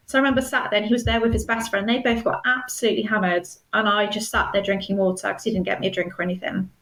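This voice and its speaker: A woman speaks as an interview guest, recounting her own story in an earnest, measured way. Her voice sits at a middle pitch for a woman. The recording carries the echo of a roomy space. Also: fairly even intonation, a bit bright. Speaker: guest, stalking survivor. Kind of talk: personal storytelling in a podcast interview.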